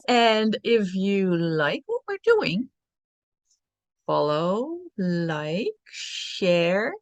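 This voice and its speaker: A woman co-hosting a casual spiritual chat show, speaking in a slow, drawn-out way and laughing often. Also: medium pitch, big pitch swings, no room sound. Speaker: podcast co-host.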